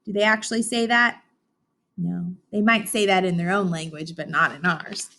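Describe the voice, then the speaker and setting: A woman teacher reading a picture book aloud to children, stopping to ask them questions and gently explain. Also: on the low side, fairly even intonation, normal speed.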